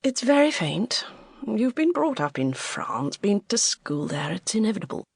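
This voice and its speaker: Audiobook: woman voicing a kindly, overprotective middle-aged man, quiet and gentle. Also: sits high, big pitch swings, moderate pace, creaky, husky, no echo, clean studio sound, pitched above the performer's own voice, heavily acted. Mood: reassuring.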